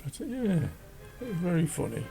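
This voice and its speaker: A man hosting a drawing channel, chatting casually and rambling as he draws, self-deprecating and laughing often, with a croaky voice. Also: high voice, sing-song, fairly quick, dark tone. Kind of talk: casual chat while drawing. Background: faint classical music.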